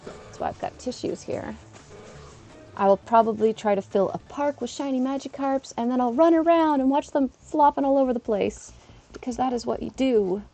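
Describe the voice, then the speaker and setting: A woman live streaming in casual chat, chatty and excitable, eating while she talks. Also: high-pitched, moderate pace, soft background music.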